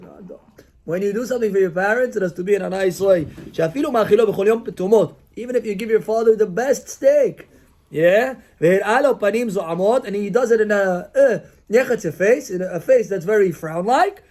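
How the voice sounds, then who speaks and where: A man's voice: high voice, brisk, a little mellow. A male rabbi giving a Torah class, asking rhetorical questions, acting out little dialogues and mixing Hebrew terms into his English. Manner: mixes Hebrew and Yiddish-style terms into English.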